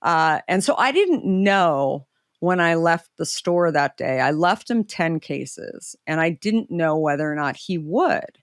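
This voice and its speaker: Middle-aged woman, interview guest, lively storyteller, close dry mic. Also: slow, no echo. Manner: animated, acts out quoted voices with pitch leaps. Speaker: guest entrepreneur. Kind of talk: conversational storytelling.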